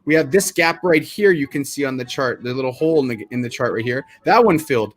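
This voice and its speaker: A man who trades explaining chart levels in casual chat, animated and quick to act out other people's reactions. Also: medium pitch. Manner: animated, acts out market reactions, restarts often. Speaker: crypto trader.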